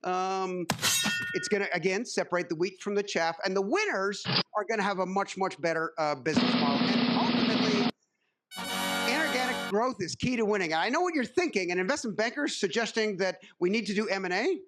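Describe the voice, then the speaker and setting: Male keynote speaker with a high voice, dry wit and plenty of filler words. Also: lively intonation, brisk, loud music behind the voice. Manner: wry, joking asides with frequent uh fillers. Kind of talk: conference keynote talk. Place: conference stage.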